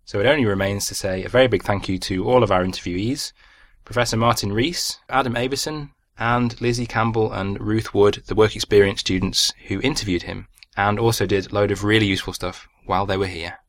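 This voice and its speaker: Low-voiced man hosting a podcast, dry sound. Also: steady tone, fairly quick, dry recording. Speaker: podcast host. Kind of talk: scripted podcast presenting.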